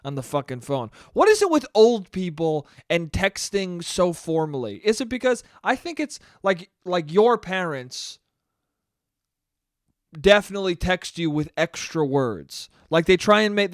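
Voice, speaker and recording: A man's voice: moderate pace, dry recording, studio quality. A young man hosting a solo podcast, ranting casually with lots of swearing and mocking impressions of relatives. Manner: profane, animated, mimics relatives in shrill voices. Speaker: podcast host.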